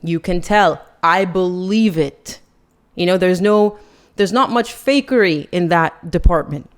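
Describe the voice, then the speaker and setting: A woman's voice: fairly low pitch, measured pace. A woman hosting a podcast, giving chatty, sarcastic and critical commentary. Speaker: podcast host. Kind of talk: casual opinion commentary.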